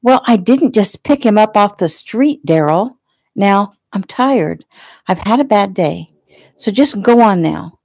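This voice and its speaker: A woman voicing a spirited, no-nonsense private nurse who talks sharp, indignant and firm. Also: mid-range voice, animated, a little slow, gravelly, no echo, studio quality, pitched above the performer's own voice. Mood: weary.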